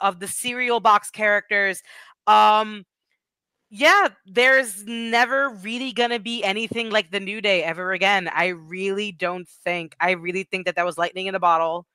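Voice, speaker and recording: A woman's voice: mid-range voice, pushed and bright, clean tone, dry recording. A woman guest on a wrestling podcast, chatting casually and gushing in a rambling way about her favorite moments. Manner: gushing, rambling fan talk. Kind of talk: casual chat.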